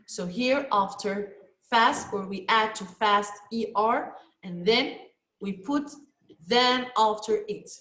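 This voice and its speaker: A woman's voice: mid-range voice, slow pace, fairly bright tone. A woman with an Egyptian Arabic accent teaching a children's English lesson online, patient, repeating each word for her students. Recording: echoey room.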